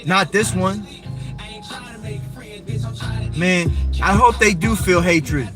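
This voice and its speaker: High-voiced man ranting angrily over hip hop. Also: unhurried. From Philadelphia area, USA. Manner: angry, profane, confrontational, talks straight at the viewer. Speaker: livestreamer. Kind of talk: heated livestream rant. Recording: hip hop music playing behind. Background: hip hop music.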